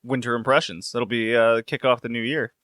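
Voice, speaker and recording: A man's voice: medium pitch, little pitch movement, a little fast, fairly bright tone, dry recording, studio quality. A man hosting a casual podcast chat, laid-back, laughing often and swearing now and then. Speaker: podcast host.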